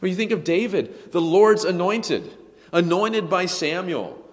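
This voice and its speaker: A man preaching a sermon, emphatic, swinging between a hushed voice and a raised one. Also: sits high, expressive, measured pace, big-room sound. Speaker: pastor.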